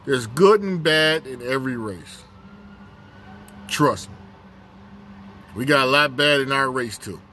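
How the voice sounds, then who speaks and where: A man's voice: medium pitch, expressive, slow pace, long pauses, pushed and bright, slight background noise. A man hosting his own casual commentary vlog on a break at work, talking bluntly and repeating his points for emphasis.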